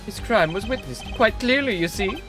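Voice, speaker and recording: A woman's voice: medium pitch, lively intonation, normal speed, lightly acted. A woman voicing a flamboyant rock-star male prosecutor who teases and drops German words, reading a game script aloud. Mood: showy. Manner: showy, teasing, dropping German words. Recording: game music playing behind.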